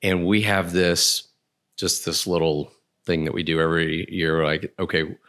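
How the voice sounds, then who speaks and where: A man's voice: sits low, fairly even intonation, unhurried, fairly bright tone. A man hosting a podcast, telling a story in casual chat and laughing as he goes. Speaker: podcast host.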